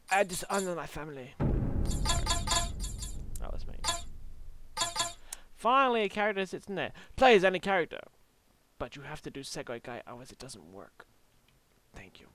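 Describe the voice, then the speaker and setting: A man's voice: fairly high pitch, big pitch swings, moderate pace, pauses often, a bit bright, soft background music. A young Australian man doing goofy game commentary and slipping into silly voices. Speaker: gaming YouTuber.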